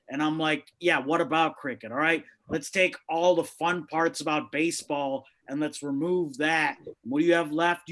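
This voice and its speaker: A man performs stand-up from his home over a video call, his voice sitting a little high. He punches out brash, swearing jokes in a quick rhythm. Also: fairly bright tone, rough recording. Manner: brash, punchy joke delivery with frequent swearing. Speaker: stand-up comic. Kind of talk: stand-up set at an online open mic. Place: home, indoors on carpet.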